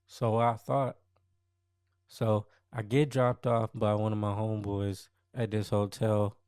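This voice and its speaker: A man's voice: fairly low pitch, little pitch movement, takes it slowly, a little mellow, smooth, dry recording, clean studio sound. A young man hosting a podcast, telling a personal story in a slangy, conversational way that often repeats itself. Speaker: podcast host. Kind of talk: casual first-person storytelling.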